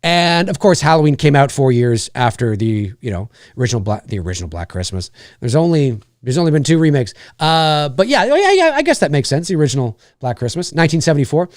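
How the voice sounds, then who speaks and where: A man's voice: a little high, sing-song, fast, no echo, clean studio sound. A man with a Canadian accent hosting a live stream, chatting casually and rambling with lots of fillers and restarts.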